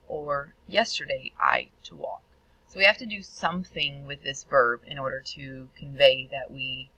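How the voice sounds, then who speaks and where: Woman, Spanish teacher, video tutorial, gravelly, bright, dry slightly muffled recording. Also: low-pitched, no echo. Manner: clear instructional delivery, sounding out Spanish words.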